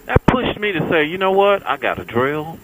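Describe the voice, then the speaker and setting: Over a very noisy recording, a Texas motorcycle vlogger talks casually to his audience while cruising the freeway. He's folksy and chatty, and his voice runs on the high side, very animated, at a normal speed.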